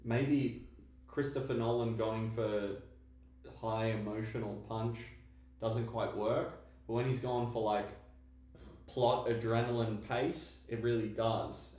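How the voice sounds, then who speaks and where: Measured analytical man, echoey room. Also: on the low side, a little mellow. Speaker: podcast co-host. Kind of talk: casual film discussion.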